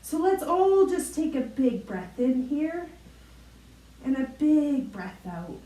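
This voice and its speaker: A woman's voice: high-pitched, sing-song, takes it slowly, dark tone, recorded from a distance. Playful woman leading kids' yoga. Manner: playful, encouraging, makes animal sounds. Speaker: kids yoga teacher. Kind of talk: guided children's yoga class. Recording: roomy echo, voice from off mic.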